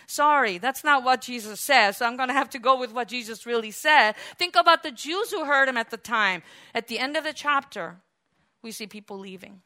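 A woman preaching a sermon in an animated way, acting out quotes and swinging between loud exclamations and quiet asides. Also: fairly high pitch, brisk.

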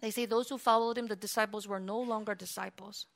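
A woman preaching a sermon in an animated way, acting out quotes and swinging between loud exclamations and quiet asides. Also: mid-range voice, fast talker.

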